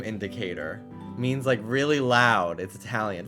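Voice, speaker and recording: Laid-back gamer guy, slow drawl that jumps all over the place, music playing behind him. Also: on the low side, expressive, fairly bright tone. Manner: chatty, fond baby talk to his dogs. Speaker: streamer. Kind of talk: casual live-stream chat while gaming.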